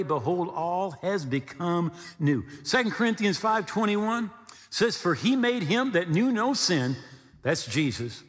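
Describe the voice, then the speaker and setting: A man preaching a sermon as pastor, animated and humorous, acting out little dialogues. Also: high voice, big-room sound.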